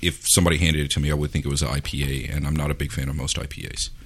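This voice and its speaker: A man in a casual beer-tasting chat, giving thoughtful, halting opinions with many fillers. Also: extremely low pitch, level tone, a bit bright, breathy edge. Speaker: co-host.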